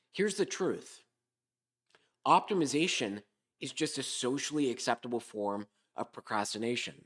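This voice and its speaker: A man hosting a comedic podcast monologue, hoarse from a sore throat, with a sarcastic, rambling delivery. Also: medium pitch, fairly bright tone. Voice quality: hoarse, smoker-like. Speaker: podcast host.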